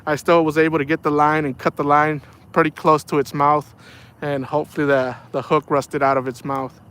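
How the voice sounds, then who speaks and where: A man's voice: a little high, little pitch movement, brisk, fairly bright tone. A man chatting casually on a fishing livestream from outdoors by the water, rambling in a laid-back way and often saying "man". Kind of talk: casual live chat while fishing.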